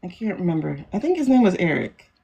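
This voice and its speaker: A woman's voice: on the low side, sing-song, fast, vocal fry, dark tone, breathy edge. A woman hosting a casual livestream, talking in a chatty, rambling way with frequent laughter. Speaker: livestream host.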